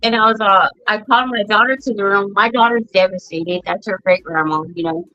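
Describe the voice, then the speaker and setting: A woman's voice: mid-range voice, fairly quick, bright, forceful tone, no echo. A middle-aged woman hosting a podcast, telling family stories bluntly with plenty of swearing. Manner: blunt, profane storytelling. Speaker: podcast host. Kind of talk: casual chat. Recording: dull lo-fi sound.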